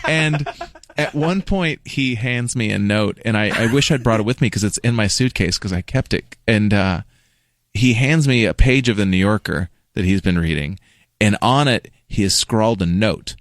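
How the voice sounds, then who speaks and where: A man's voice: on the low side, moderate pace, no room sound, studio quality. A man, a comedian guest on a morning radio show, telling funny stories and laughing through them. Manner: animated, laughing through anecdotes. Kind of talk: comic storytelling. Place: radio studio.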